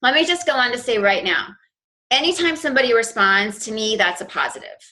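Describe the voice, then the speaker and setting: Chatty bright-voiced woman coach. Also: on the high side, animated, fairly quick, low-quality recording. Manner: chatty, with many fillers and restarts. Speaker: fitness business coach. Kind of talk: informal training talk to her team.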